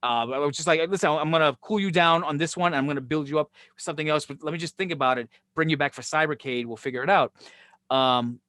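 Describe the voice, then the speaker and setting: A man hosting a podcast, telling wrestling stories in casual chat, animated and profane, acting out the dialogue. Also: on the high side, fast, dry recording, clean studio sound. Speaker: podcast host, former wrestling booker.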